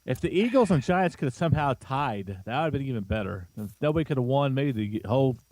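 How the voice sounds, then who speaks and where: A man who guests on the show every week, talking football in a relaxed, teasing way. His voice sits at a middle pitch, and the recording is dry, with no room echo. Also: quick pace. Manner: easygoing, teasing, laughs along. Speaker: weekly guest, football fan. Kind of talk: casual sports chat.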